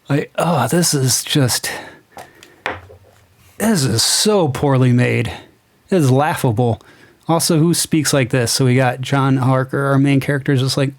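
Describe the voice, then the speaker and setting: A young male comic book reviewer rants casually and sarcastically, incredulous and swearing as he tears apart what he is reading. His voice is medium-pitched and a little mellow, at normal speed with frequent pauses.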